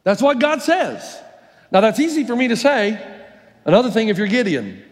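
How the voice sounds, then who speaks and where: A man preaching a sermon as pastor, telling the story with lively acted-out dialogue. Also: high voice, moderate pace. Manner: animated storytelling, acting out quotes. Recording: long hall reverb.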